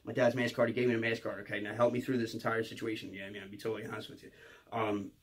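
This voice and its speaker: A man, telling a rambling, profane storytime monologue and ending lines with a quick "okay?". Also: on the low side, level tone, husky. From Philadelphia area. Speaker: comedian.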